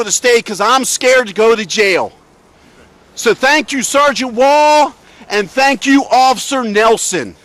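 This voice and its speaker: Indignant high-voiced man confronting police. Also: animated, slow, a bit bright, dry recording. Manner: indignant, sarcastic, lecturing. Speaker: protester filming police. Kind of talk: confrontational street recording. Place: outdoors beside a road.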